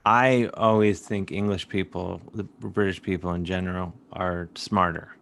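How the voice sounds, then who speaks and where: A man's voice: deep voice, fairly even intonation, unhurried, vocal fry, fairly bright tone, a little hiss or hum. A man from suburban Cleveland, hosting a casual comedic interview and asking questions in a playful, goofy way. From suburban Cleveland, USA. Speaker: talk show host. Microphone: video call.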